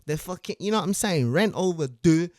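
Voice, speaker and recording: A male streamer chatting casually with callers, full of slang and swearing and easily excited. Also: high voice, a little fast, no room sound, studio quality. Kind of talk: casual live-stream chat.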